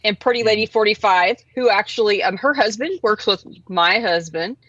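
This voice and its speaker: A woman's voice: mid-range voice, normal speed, fairly bright tone, no room sound. Woman, host, casual livestream chat, chatty, laughing, dry lo-fi audio. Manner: chatty, laughing often, many fillers. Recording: dry, dull lo-fi sound.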